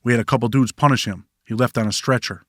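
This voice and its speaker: A man playing a cocky young inmate with a Boston accent, sly and sure of himself, speaking about prison trouble with cool confidence. the voice sits in a middle pitch and sounds dry. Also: steady tone, quick pace, a bit bright, no echo, lightly acted. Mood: sly, blunt.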